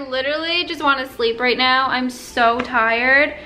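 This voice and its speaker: High bright-voiced young woman vlogging. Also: soft background music. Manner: chatty and dramatic, quick exclamations. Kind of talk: casual chat to camera. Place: home bedroom.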